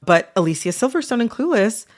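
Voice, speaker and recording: A woman's voice: on the high side, fairly quick, a little hiss or hum. A woman hosting a podcast, chatting casually and animatedly with lots of "like"s. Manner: casual and animated, many filler "like"s. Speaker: podcast host. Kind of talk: conversational podcast chat.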